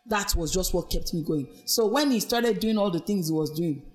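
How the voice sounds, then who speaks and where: Her voice is lowish and a little mellow, with lively intonation at normal speed. A Nigerian-accented podcast guest, she shares her testimony as an abuse survivor, telling her life story with earnest reflection and mentions of her faith.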